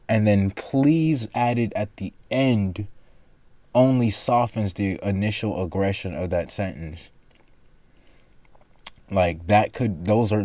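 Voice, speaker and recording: A man's voice: on the low side, warm tone, no echo. A man hosting a reaction video, talking casually and rambling through his thoughts with frequent self-corrections.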